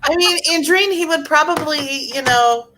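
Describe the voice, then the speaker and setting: A woman co-hosting a casual podcast, dropping blunt, quick asides. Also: sits high, noisy background. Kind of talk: casual chat.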